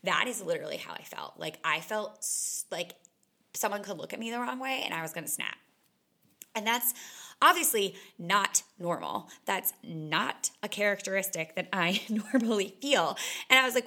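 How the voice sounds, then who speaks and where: A woman's voice: mid-range voice, a little slow, vocal fry, sharp tone. A young woman, a fitness instructor, talking candidly in a chatty solo podcast monologue full of "like.". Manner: chatty and candid, heavy on "like" fillers.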